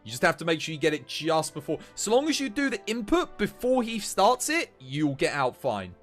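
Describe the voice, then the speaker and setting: A man's voice: on the high side, fairly quick, soft background music. A young man chatting and laughing while live streaming a video game. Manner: animated, chatty, laughs often. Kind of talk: live gameplay streaming chat.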